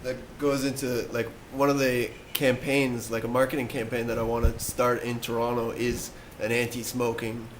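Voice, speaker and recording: A man's voice: mid-range voice, flat delivery, normal speed, few pauses, low-quality recording. A man in a casual group discussion, laid-back and hesitant, with fillers and restarts. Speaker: meeting participant. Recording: loud background noise.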